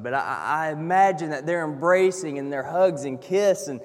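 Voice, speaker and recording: A man with a high voice preaching a sermon, earnest and storytelling. He swings from hushed passages to emphatic ones. His voice rings with the long reverb of a hall. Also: normal speed, few pauses.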